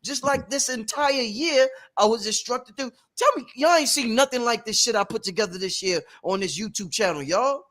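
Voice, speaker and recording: Man hosting; very high, pushy, swears freely, circles back to his point. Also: expressive, normal speed, hardly any pauses, fairly bright tone. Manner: emphatic, profane, repetitive. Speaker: host. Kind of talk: animated workshop talk.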